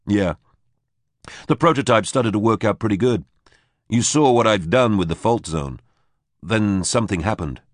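A man's voice: fairly low pitch, lively intonation, moderate pace, long pauses, no room sound, close to an everyday voice. A man voicing a bitter, wry man trapped inside an alien, talking dry and blunt.

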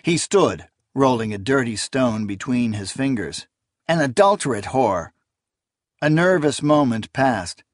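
A man reads a story aloud with measured, dramatic pacing, his voice at an ordinary middle pitch. The recording is dry and close with no room sound, typical of audiobook narration. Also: animated, no room sound. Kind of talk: scripted narration.

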